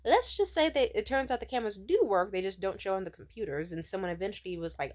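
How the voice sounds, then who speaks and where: A woman's voice: medium pitch, animated, a little fast, hardly any pauses. A young woman vlogger sitting at home, telling a rambling, profane story full of "like" fillers. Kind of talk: casual storytelling rant.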